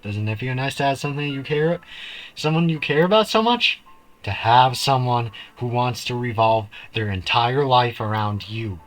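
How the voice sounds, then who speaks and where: A man's voice: mid-range voice, animated, normal speed, a bit bright, faint music behind, natural voice, low-quality recording. A man reading aloud the lines of an obsessive young woman confessing her love in a game, with an intense, pleading delivery.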